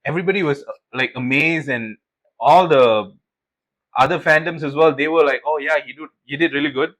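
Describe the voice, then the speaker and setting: Fairly high-pitched and brisk, this young podcast co-host comes through on poor audio. His chat is lively storytelling, peppered with curses and acted-out lines.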